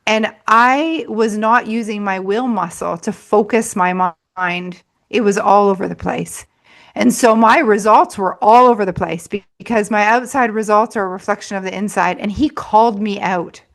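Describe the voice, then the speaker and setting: A woman's voice: mid-range voice, moderate pace, vocal fry. A woman who works as a money mindset coach, a guest in an interview, telling a story in a chatty way with frequent laughs and fillers.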